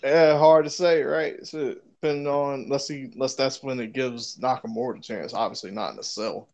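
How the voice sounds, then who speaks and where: A man's voice: mid-range voice, fairly even intonation, moderate pace, darkish tone. A man in casual chat about wrestling, laid-back and swearing casually.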